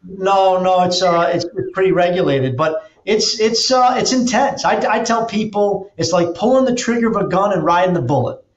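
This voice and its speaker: A man guest on a podcast, an energetic storyteller who acts out quotes and restarts his sentences often. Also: sits high, normal speed. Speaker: podcast guest, auto dealer and drag racer. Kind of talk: casual interview talk. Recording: roomy, dull lo-fi sound.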